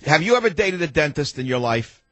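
A man's voice: a little high, very animated, fairly quick, sharp tone, no room sound. An older man hosting a talk radio show, rambling and sardonic, acting out the voices in his head. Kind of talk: talk radio monologue and calls.

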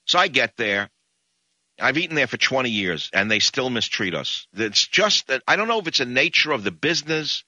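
A man hosting a radio talk show, telling a story in an indignant, animated way. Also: mid-range voice, moderate pace, dry recording, muffled recording.

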